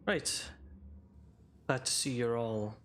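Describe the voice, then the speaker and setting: A man voicing a cool, condescending drow woman who speaks in a measured way. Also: medium pitch, a bit bright, slight background noise.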